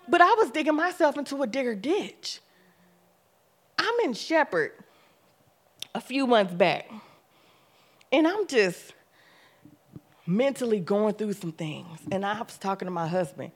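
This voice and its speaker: A young adult woman with a slightly high voice gives a church testimony. She tells her story animatedly, acting out her own past words, and builds into loud, emphatic preaching.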